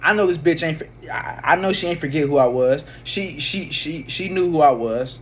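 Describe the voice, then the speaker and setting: Man, slightly high voice, loose profane storytelling full of slang and false starts, faint hiss behind. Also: moderate pace. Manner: rambling, profane, with slang and restarts. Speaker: vlogger. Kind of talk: casual storytelling.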